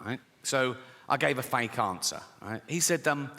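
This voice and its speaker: A man performing a stand-up routine, chatty and profane, putting on quick voices for the people in his stories. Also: mid-range voice, lively intonation. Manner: conversational, swearing, acts out characters. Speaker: stand-up comedian. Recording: live stage mic in a large hall with loud audience ambience.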